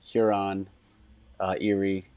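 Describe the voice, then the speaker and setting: A man's voice: low voice, completely flat delivery, slow, darkish tone, smooth, dry recording, muffled recording. A man co-hosting a podcast, chatting casually in a rambling, loose way. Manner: rambling, loose, with many "uh"s and laughs. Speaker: podcast co-host. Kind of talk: casual chat.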